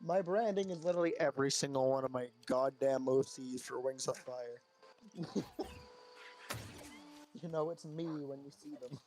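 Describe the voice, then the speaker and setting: A gamer chatting casually on a voice call, playful and quick to laugh. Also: mid-range voice, music in the background, poor audio. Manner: giggly and playful. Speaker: gamer in a voice chat. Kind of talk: casual gaming chat.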